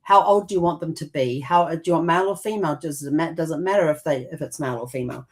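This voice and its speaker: A woman co-hosting a casual conversation with a somewhat low voice. She explains in long, loose runs, trailing off and restarting often. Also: fast talker, darkish tone. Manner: rambling, with many fillers and restarts. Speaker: co-host.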